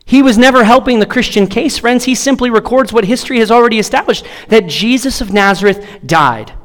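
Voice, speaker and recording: Male pastor, 30s, strained voice, fervent preaching, high-pitched, long reverb of a large sanctuary. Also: a little fast. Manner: impassioned preaching with repeated rhetorical questions. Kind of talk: sermon.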